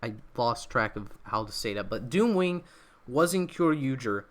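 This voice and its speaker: A young man chats loosely on a solo livestream, circling back on himself with plenty of ums and restarts. His voice sits at an ordinary middle pitch, and a slightly off throat creeps in now and then. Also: lively intonation, normal speed. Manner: rambling, many fillers and restarts. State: throat feels off. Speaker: livestream host. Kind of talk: casual livestream commentary.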